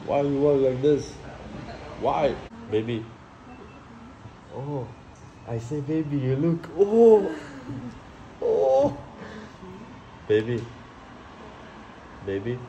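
A man from Sweden talking straight to his camera in a casual, excitable way, with frequent swearing. His pitch sits in the middle for a man. Loud traffic and street noise run under everything he says. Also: slow pace, long pauses. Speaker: travel vlogger. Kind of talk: casual travel vlog chat. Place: outdoors in city streets and in a minibus.

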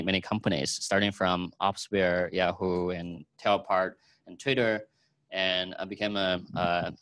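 A man hosting an event, introducing the guest speaker in a halting way. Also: on the low side, fairly bright tone, low-quality recording. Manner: halting, many fillers and restarts. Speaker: event host.

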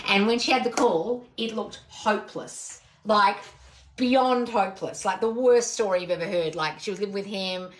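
Woman, live-stream coach, blunt and exasperated, swears freely, mid-pitched voice. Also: a little slow. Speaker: manifestation coach.

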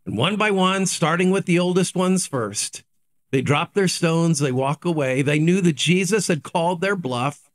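A man's voice: a little high, expressive, moderate pace. A man, a pastor giving a daily devotional sermon, earnest and repetitive, asking rhetorical questions and answering them.

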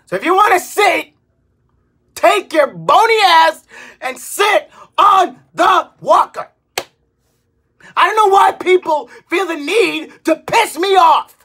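A woman in her twenties, a vlogger, delivering an exasperated comedic rant, swearing and bursting into shouts. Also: very high voice, lively intonation, slow, pauses often. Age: 20s.

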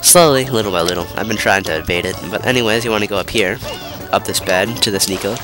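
A young man with a cold talks fast in a voice on the low side, sounding stuffy and nasal as he plays a video game. His let's play commentary is rambling and casual, full of fillers and self-interruptions, with game music behind it.

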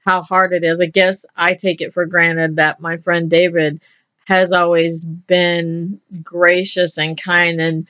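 A woman's voice: on the low side, flat delivery, slow, a bit bright, dry recording. A woman from the American South, hosting a casual radio interview in a chatty, easygoing way. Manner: chatty, laughs easily. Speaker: radio host. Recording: dry, dull lo-fi radio audio.

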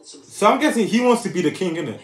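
A young man co-hosting a casual film reaction with his brothers, animated and excitable. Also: sits high, fast. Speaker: co-host, one of the brothers. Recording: echoey room with film music behind.

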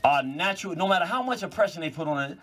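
Husky-voiced man lecturing a live audience. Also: a little high, fast. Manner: animated storytelling with mocking asides. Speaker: public speaker. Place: cultural venue before a live audience.

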